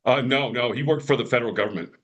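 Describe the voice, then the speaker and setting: Speaking very fast in a medium-pitched voice, a podcast guest in his fifties rambles through casual stories. He restarts frequently, leans on fillers, and performs the quoted voices himself.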